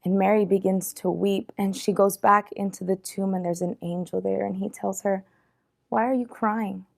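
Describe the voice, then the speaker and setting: A woman storyteller retelling a Bible story for young people in a lively, casual way. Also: mid-range voice, normal speed, gravelly.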